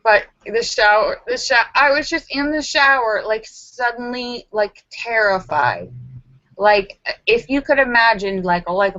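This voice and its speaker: A woman hosting a casual live stream from home, telling stories in a rambling way with lots of fillers and restarts, and acting out her own frantic self-talk in sudden high squeals. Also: pushed and bright, no room sound. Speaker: livestream host. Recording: dull lo-fi sound.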